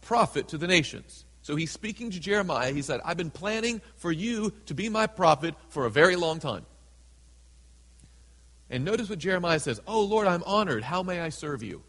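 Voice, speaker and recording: A man preaching a sermon in a church, reading scripture slowly and dramatically and acting out the people in it. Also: sits high, lively intonation, a bit bright. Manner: reads scripture slowly and dramatically, voices characters in asides. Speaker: pastor. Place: church sanctuary. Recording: hall with long reverb.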